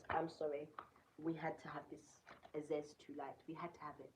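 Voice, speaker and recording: A woman's voice: sits low, little pitch movement, normal speed, a little mellow, poor audio. A woman giving a casual collective tarot and crystal reading, reading card text aloud and breaking off into chatty asides. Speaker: tarot reader.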